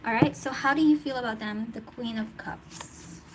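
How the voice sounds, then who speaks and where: A woman's voice: fairly high pitch, normal speed. A woman giving a casual tarot reading, chatty and thinking aloud, laughing often. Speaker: tarot reader. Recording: noticeable background noise.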